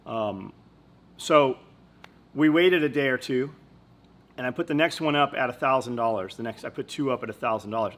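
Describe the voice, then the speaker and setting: A man's voice: medium pitch, a bit bright. Blunt, profane man telling business stories. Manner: blunt and profane, swears freely; talks business in a rambling, anecdotal way. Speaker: company owner and podcast host. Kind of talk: casual storytelling chat.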